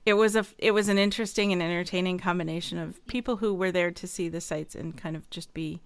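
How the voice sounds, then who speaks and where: A woman's voice: fairly low pitch, fairly even intonation, fast, smooth, no room sound. Chatty laughing woman host. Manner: chatty, laughs easily, thinks aloud. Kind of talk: casual chat.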